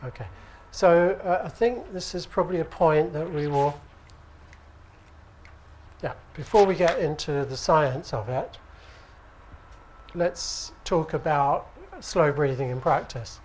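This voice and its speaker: A British man teaching at an acupuncture conference, speaking in a relaxed, conversational way and often checking with the audience. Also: on the high side, takes it slowly, slight background noise. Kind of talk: conference lecture. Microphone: handheld microphone.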